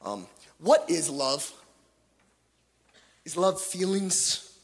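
A man's voice: sits high, big pitch swings, very slow, creaky, husky. Impassioned male preacher in a reverberant hall. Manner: impassioned, swings from loud pleading to hushed, jokey asides. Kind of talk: sermon.

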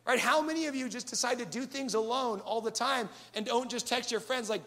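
A man preaching a sermon with animated delivery and acted-out asides. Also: very high-pitched, a little fast, hardly any pauses. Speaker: pastor.

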